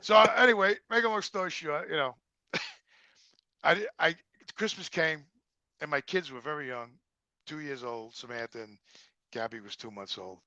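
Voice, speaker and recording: A middle-aged man with a New Jersey accent, telling profane, animated stories in a casual interview and acting out the dialogue. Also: on the high side, normal speed, pauses often, no room sound, lo-fi sound. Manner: profane, animated storyteller who acts out quoted dialogue. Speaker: guest.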